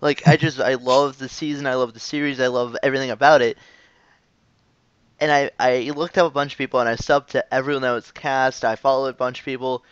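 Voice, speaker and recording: A man hosting a casual online interview, excitable and gushing, laughing often. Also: mid-range voice, fairly quick, smooth, no room sound, lo-fi sound. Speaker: interview host.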